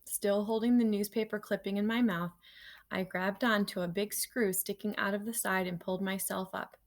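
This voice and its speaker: A woman reads a children's chapter book aloud to her class with a gravelly, creaky edge to her voice. Her delivery is lively and animated, and she slips into casual asides to her students between passages. Her pitch sits in the ordinary middle range for a woman. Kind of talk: reading a children's novel aloud.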